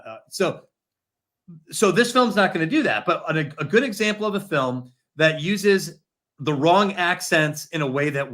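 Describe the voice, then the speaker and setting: A man sets out his opinions at an even, explanatory pace. His voice sits a little higher than most men's. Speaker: podcast guest. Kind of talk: casual discussion.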